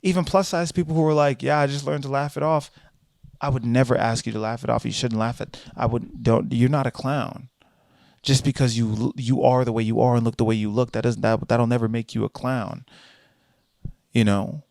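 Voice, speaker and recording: A man records a casual vlog monologue, rambling and animated as he corrects himself mid-sentence. His voice has a gravelly edge. The sound is dry and close. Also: mid-range voice, moderate pace, no echo. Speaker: vlogger and comedian. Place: in transit, Boston.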